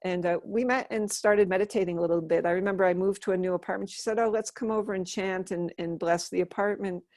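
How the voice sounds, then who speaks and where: A middle-aged American woman, a Buddhist nun, telling her life story in an interview in an earnest, soft-spoken way, often restarting her sentences. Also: medium pitch, steady tone, fast, dry recording, clean studio sound.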